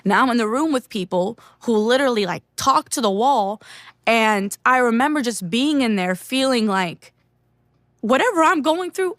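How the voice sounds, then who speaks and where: A woman's voice: a little high, lively intonation, normal speed, no echo, studio quality. A young woman from the United States telling a personal faith testimony in an earnest, candid way, often saying "like" and "you know". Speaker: speaker sharing a faith testimony.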